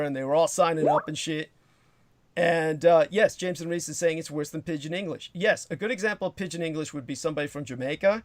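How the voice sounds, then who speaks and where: A man's voice: fairly high pitch, brisk, dry recording. A man hosting a livestream, telling a long rambling story in a profane, digressive way and reading out comments from the chat as he goes. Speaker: livestream host.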